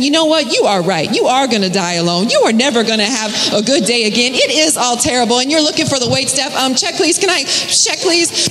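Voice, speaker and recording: A woman preaching a sermon with rhythmic repetition and folksy, conversational asides. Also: a little high. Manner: rhythmic, repeating phrases for emphasis. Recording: echoey hall with long reverb.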